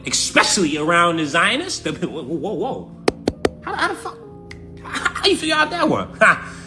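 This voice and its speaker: A man with a New York accent giving a brash, profane mock vocabulary lesson. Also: high-pitched. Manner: brash, profane, animated delivery. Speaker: comedic vocabulary teacher.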